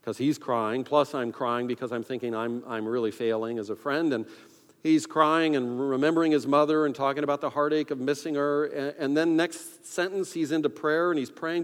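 A man's voice: fairly high pitch, steady tone, normal speed. A man, a pastor, telling a personal story in a sermon, conversational and self-deprecating, acting out his own inner thoughts. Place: church sanctuary. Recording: long reverb of a large hall.

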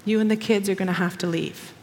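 A woman voicing a weary male camp director, speaking low and flat with resignation. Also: fast, vocal fry, in a large hall, slight background noise. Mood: resigned.

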